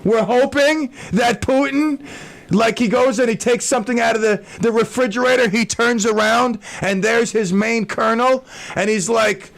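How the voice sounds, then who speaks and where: A man's voice: extremely high pitch, normal speed, gravelly. A man hosting a talk radio show, rambling in a casual monologue with stammers, restarts and jokes.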